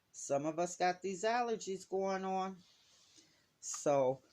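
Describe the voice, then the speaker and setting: A woman from Detroit talking casually to her viewers while painting, telling stories in a slow, chatty way. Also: fairly low pitch, a little mellow. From Detroit, USA. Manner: slow, chatty storytelling with Southern-style slang. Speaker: vlogger. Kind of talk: casual chatty craft video.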